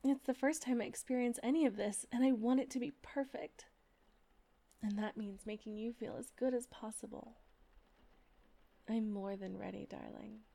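A young adult woman voicing a loving female plush toy come to life in an intimate audio role-play, breathy and affectionate. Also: fairly high pitch, steady tone, moderate pace. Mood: tender.

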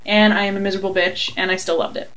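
A woman co-hosting a casual chat, teasing her co-host and laughing often in quick banter. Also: medium pitch, level tone, a bit bright. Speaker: podcast co-host.

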